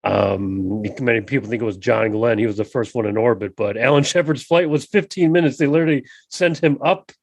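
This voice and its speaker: A man co-hosting a podcast, telling stories in a casual, animated way, with many fillers and repeated words. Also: medium pitch, fairly quick, few pauses, dry recording. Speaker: podcast co-host. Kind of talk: casual chat.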